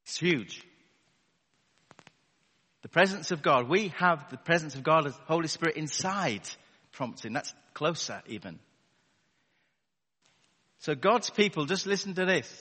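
Male preacher, slightly high voice, chatty and wry with rhetorical asides, live in a big echoing church hall. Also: animated, a little slow, long pauses, bright, forceful tone, slightly rough. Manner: conversational and wry, asks the congregation rhetorical questions. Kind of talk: sermon. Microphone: wireless battery microphone. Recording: long reverb of a large hall.

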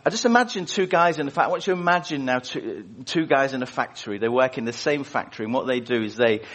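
A man's voice: medium pitch, animated, quick pace, a bit bright. A man leading prayer and preaching a sermon in an informal, conversational way, putting questions to the congregation. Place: church service.

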